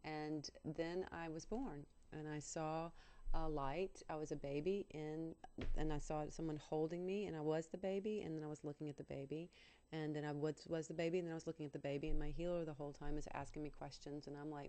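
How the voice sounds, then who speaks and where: A middle-aged woman telling a personal spiritual story on the radio, earnest and halting, with many fillers and restarts. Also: low-pitched, steady tone, warm tone.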